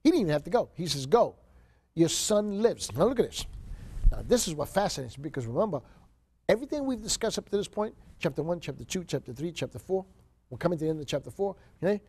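A man's voice: fairly high pitch, big pitch swings, quick pace, darkish tone, breathy edge. A man giving a seminary Bible lecture, reading scripture aloud and stressing key words with repeated rhetorical questions to the class.

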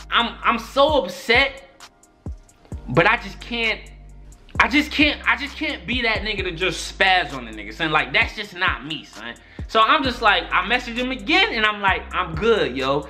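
A young man telling a story-time vlog in an exasperated, profane, animated way. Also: high-pitched. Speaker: YouTuber.

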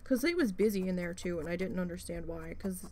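A woman's voice: fairly low pitch, lively intonation, fairly quick, dark tone, slight background noise. A woman vlogger casually telling an exasperated story as she crafts, swearing often and restarting her sentences.

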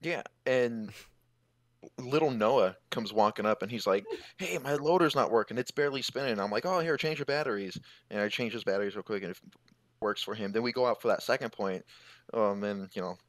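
A man co-hosting a casual podcast, telling a story in a laid-back, self-deprecating way with halting "uh"s. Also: lowish voice, no echo. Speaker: podcast co-host.

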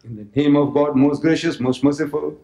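A man from South Africa giving an animated religious lecture to an audience, full of mocking asides and repeated phrases. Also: fairly high pitch, a little fast, creaky. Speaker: public lecturer. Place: lecture hall. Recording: roomy lecture hall recording.

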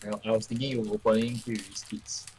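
A man's voice: lowish voice, little pitch movement, fast talker, a little mellow, slight background noise, rough recording. A man joining a stream to chat curiously and casually with the host. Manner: curious, chatty.

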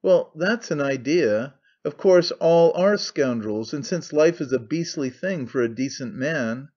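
A man reading a sly, excitable young schemer. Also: on the high side, dull audio. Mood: placating. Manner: fast-talking, wheedling, sly. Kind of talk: audiobook character reading.

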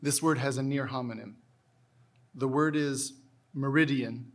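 A man pronounces competition words one at a time and reads their dictionary definitions. His delivery is measured and deliberate, each syllable enunciated with care. His voice sits at an ordinary middle pitch for a man. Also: fairly even intonation. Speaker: spelling bee pronouncer. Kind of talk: reading words and definitions aloud.

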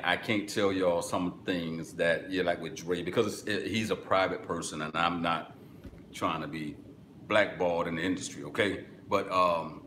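A man hosting a live music-business webinar, reading chat and answering casually, with sudden excited bursts between relaxed stretches. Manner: excitable bursts, then drops low and relaxed. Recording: echoey room, faint background noise.

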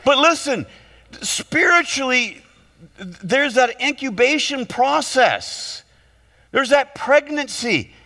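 A man with a very high voice preaches a lively sermon in a church. His bright, forceful tone rings out with long hall reverb. He tells stories and jokes, often repeating his words as he goes. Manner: animated storytelling, quick jokes, repeated words. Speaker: pastor. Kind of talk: humorous sermon. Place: church sanctuary.

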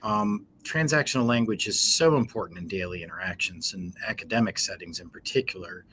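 A man giving a relaxed, informal teaching talk, explaining ideas step by step with frequent ums. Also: deep voice, a little fast, slight background noise. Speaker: educator.

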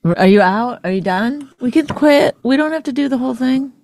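A woman's voice: high-pitched, expressive, moderate pace, a little mellow, no echo. A woman with a Canadian accent co-hosting a podcast in casual chat, pressing her point with pointed, probing questions. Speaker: podcast co-host.

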